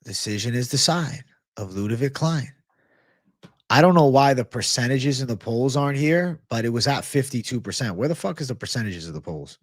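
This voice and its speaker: A man's voice: mid-range voice, expressive, brisk, no echo. A man hosts a live betting stream from a small room, talking casually and with plenty of hype. He swears freely and reacts aloud to his chat. His mid-range voice sounds dry and close to the mic. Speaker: livestream host giving betting picks.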